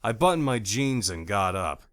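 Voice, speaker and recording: A male audiobook narrator reading in the first person, with a low voice and a lively, animated delivery. The recording is close and dry. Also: normal speed, no echo. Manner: expressive, animated character reading.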